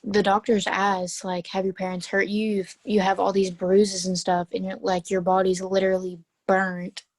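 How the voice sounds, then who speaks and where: A woman's voice: mid-range voice, monotone, normal speed, hardly any pauses, a little mellow, no room sound. A teenage girl on a video call, chatting emphatically about a book with classmates. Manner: emphatic, talkative. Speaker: student in book discussion. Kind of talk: casual video call discussion.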